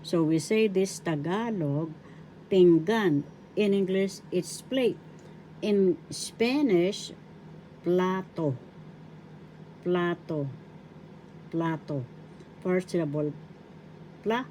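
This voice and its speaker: An older woman from the Philippines with a Filipino accent, teaching a language lesson slowly, spelling out each word by syllables and repeating it. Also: fairly low pitch, expressive, mellow, a little hiss or hum, low-quality recording.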